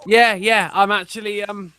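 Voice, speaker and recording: A man's voice: high voice, little pitch movement, normal speed, bright, forceful tone, slight background noise. A man chatting as a guest on a stream, cursing, joking and cagey about himself. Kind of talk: casual stream chat.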